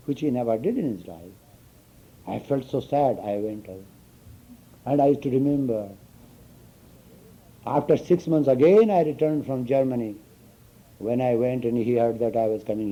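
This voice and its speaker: A male spiritual teacher talks to his students in a very deep, mellow and husky voice. He teaches through anecdotes and often checks that his listeners follow. The recording is dull and lo-fi. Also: moderate pace, long pauses. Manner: storytelling, chuckling, asks listeners "you understand?". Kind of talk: informal spiritual talk to students.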